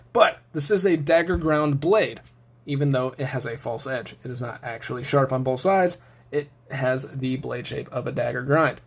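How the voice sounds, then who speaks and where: Joking, higher-voiced young man reviewing gear. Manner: sarcastic, joking, rambling asides. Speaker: knife reviewer, show host. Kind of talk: casual product review.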